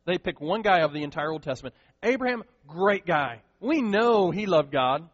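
A pastor preaching a sermon, animated and acting out the voices of the people he quotes. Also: sits high, moderate pace. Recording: dull, long hall reverb.

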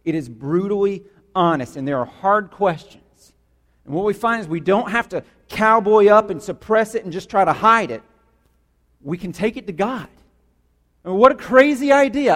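High-voiced male pastor preaching in a hall. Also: expressive, moderate pace, fairly bright tone. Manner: passionate, conversational, emphatic repetition. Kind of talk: sermon.

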